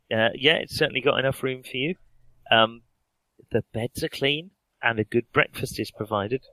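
A man's voice: medium pitch, moderate pace, pushed and bright, no room sound, low-quality recording. A man running a tabletop game as game master, narrating with dry, joking asides.

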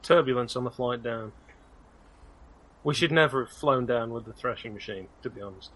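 A man's voice: medium pitch, normal speed, fairly bright tone. Dry-witted man trading quips at a game table. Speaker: player.

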